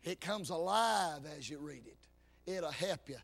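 A man preaching a fervent sermon, his lines rising into half-sung, shouted peaks. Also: fairly high pitch, animated, unhurried, creaky.

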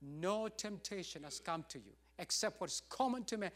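A man's voice: high-pitched, animated, moderate pace, few pauses, a bit bright. A middle-aged man pastor preaching a sermon, emphatic and repetitive, with rising bursts.

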